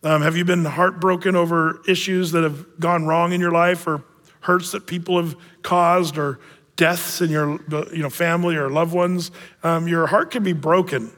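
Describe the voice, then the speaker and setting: A man's voice: a little high, steady tone, moderate pace, fairly bright tone, long reverb tail. A male pastor delivering a conversational sermon, speaking with frequent fillers and restarts.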